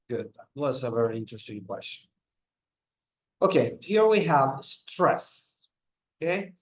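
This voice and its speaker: Slow-paced man teaching English. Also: medium pitch, big pitch swings, reverberant, highs cut off. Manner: slow, repeats words for drills. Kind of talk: online language lesson.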